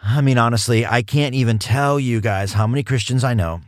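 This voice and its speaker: A male podcast host teaching in a casual, animated way, stressing points with repeated words and laughing at himself. His voice sits in a middle register and sounds dry and close, with no room sound around it. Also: mid-range voice, a little fast, no room sound. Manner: animated, self-mocking, emphatic repetition.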